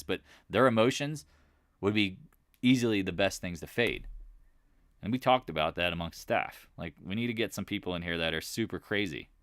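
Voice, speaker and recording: A man's voice: lowish voice, fairly bright tone, no room sound, clean studio sound. A man hosting a live market chat, talking in a loose, rambling way and often restarting his sentences. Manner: rambling, conversational, restarts and repeats himself.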